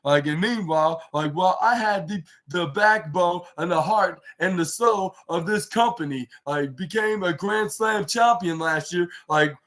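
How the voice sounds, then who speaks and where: A man's voice: sits high, unhurried, hardly any pauses, fairly bright tone. A man hosting a casual podcast, recapping a wrestling show in a rambling way, full of fillers, restarts and loosely paraphrased quotes.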